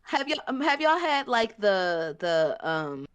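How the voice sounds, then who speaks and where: A woman's voice: medium pitch, big pitch swings, takes it slowly, fairly bright tone, clean tone. A woman co-hosting a podcast in casual chat, joking and explaining at length with many fillers. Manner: chatty and joking, trailing filler-heavy explanations. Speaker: podcast co-host.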